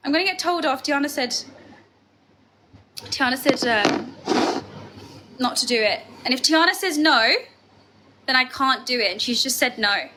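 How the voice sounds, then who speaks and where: A young woman livestreaming late at night, chatting excitedly and dramatically with her viewers. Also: sits high, moderate pace. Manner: excitable, dramatic banter with chat.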